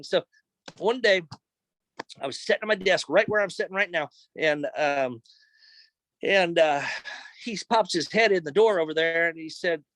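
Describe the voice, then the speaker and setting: A man's voice: high voice, fairly bright tone, no echo, poor audio. A middle-aged man sharing a personal testimony in his office, earnest and emotional, retelling events in a conversational way. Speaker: speaker sharing a recovery testimony.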